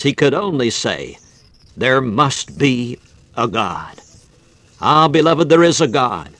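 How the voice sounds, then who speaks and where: A man delivers a fervent sermon in an old-fashioned preaching cadence. His voice sits a little high for a man. The sound is dry and close, with no room echo.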